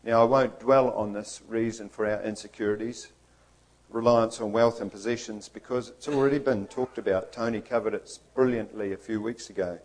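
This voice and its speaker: A man's voice: on the low side, steady tone, normal speed, rough recording. Earnest male preacher giving a sermon. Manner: earnest, emphatic, acts out quotes.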